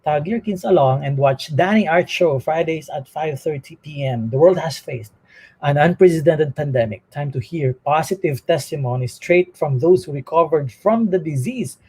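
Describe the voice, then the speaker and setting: A husky-voiced male talk show host from the Philippines, pitched a little high. He reads a long run of show announcements in a broadcast manner, then questions his guest in a friendly way. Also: normal speed, a little mellow, poor audio. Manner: reads promos at length, laughs at himself.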